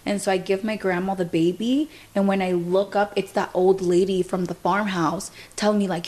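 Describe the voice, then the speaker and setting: A young woman hosts a podcast and talks in a loose, chatty way. She peppers her sentences with "like" and retells what happened by quoting people. Her voice sits at an ordinary middle pitch for a woman. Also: level tone, a little fast, few pauses, darkish tone. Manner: chatty, fills speech with "like", retells events through quoted dialogue. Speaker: podcast host. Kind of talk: casual storytelling chat.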